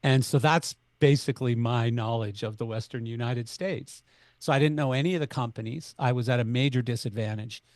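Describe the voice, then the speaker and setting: Canadian man telling an animated story. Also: mid-range voice, fairly quick, no room sound. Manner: animated, acts out both sides of dialogue. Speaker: podcast guest. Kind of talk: conversational storytelling.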